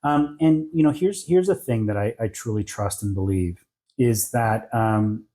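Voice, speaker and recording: A man's voice: on the low side, unhurried, warm tone. A middle-aged man, a licensed therapist, talking reflectively in an interview and often checking in with his listener. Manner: reflective, affirming, keeps checking in with "right?". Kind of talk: conversational interview.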